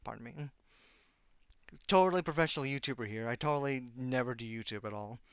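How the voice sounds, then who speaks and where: A man's voice: medium pitch, fast talker, clear, resonant tone, dry recording, muffled recording. A man telling a rambling story in a casual vlog, sarcastic and exasperated as he goes. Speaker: YouTuber.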